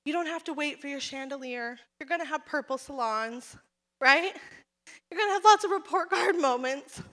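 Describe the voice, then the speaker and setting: A woman giving a motivational keynote speech at a conference, telling her story with animated energy and calling out to the audience. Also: sits high, moderate pace. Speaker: keynote speaker and salon owner. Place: conference hall. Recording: reverberant hall.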